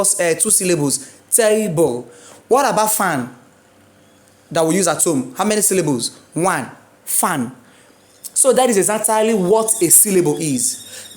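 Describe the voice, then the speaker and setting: A woman teaching an exam lesson, drilling words slowly with emphasis and asking the class questions. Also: mid-range voice, a little mellow. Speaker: English exam tutor. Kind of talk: classroom-style video lesson.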